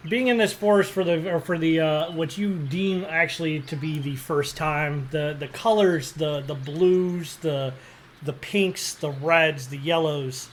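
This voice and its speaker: A man's voice: fairly high pitch, fairly even intonation, measured pace, slight background noise. A man running a tabletop game as game master, with a hesitant manner full of fillers and restarts.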